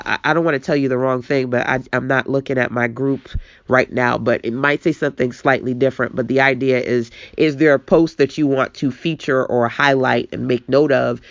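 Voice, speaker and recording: A woman coaching entrepreneurs in a casual online talk, animated and self-mocking, speaking straight to her viewers. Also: rumbling low, no room sound, highs cut off. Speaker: business coach. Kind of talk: casual webinar teaching.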